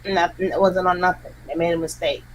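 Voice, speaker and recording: A guest content creator in a casual livestream chat, talking emphatically and complaining in quick bursts. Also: mid-range voice, fairly even intonation, a little hiss or hum, low-quality recording.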